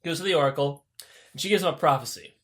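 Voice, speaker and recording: A young man with a high voice hosts a podcast and retells old myths in a loose, comedic way. He swears freely, stays animated, and often breaks into laughter. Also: fast. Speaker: podcast host. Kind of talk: comedic casual storytelling.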